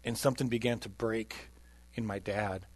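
In a fairly low, fairly even voice at normal speed, a male preacher recounts a personal testimony. He speaks earnestly, alternating between loud emphasis and quiet stretches.

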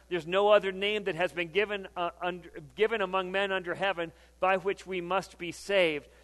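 In a hall with long reverb, a man with a high, fairly bright voice preaches a sermon. He is conversational and emphatic, reading scripture aloud and repeating phrases for emphasis.

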